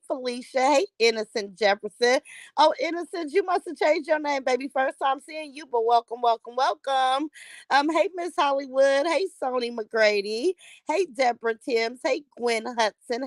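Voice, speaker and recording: This livestream host talks from home in a high voice, welcoming viewers one by one with warm chatter and affectionate pet names. It sounds like she's speaking right into a phone: close, dry, and free of any room sound.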